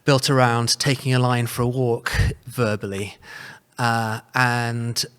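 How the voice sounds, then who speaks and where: A man's voice: medium pitch, level tone, slow pace, a bit bright, clear, resonant tone. A man from South Africa with an English accent carrying a South African trace, talking as a guest in a wordy, hedging way with lots of "sort of" and "kind of". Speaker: podcast guest. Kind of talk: casual conversation.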